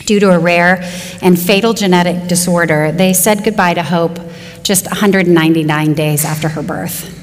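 A woman's voice: on the low side, steady tone. Earnest woman preaching in a hall. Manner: earnest, varied pace with slow emphatic phrases. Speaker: women's Bible teacher. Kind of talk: sermon.

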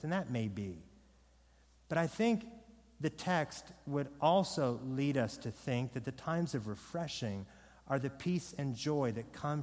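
A pastor preaching a sermon to his congregation, swinging from loud proclamation to soft, low pleading. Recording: long reverb of a large hall.

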